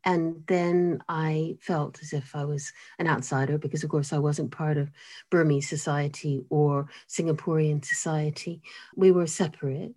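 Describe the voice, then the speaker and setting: An older woman whose accent sits between American and British talks in a fairly low voice. She tells her story in an animated, self-mocking way and laughs often. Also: unhurried. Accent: mid-Atlantic mix of American and British. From United States. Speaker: guest author and cellist. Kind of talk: conversational interview storytelling.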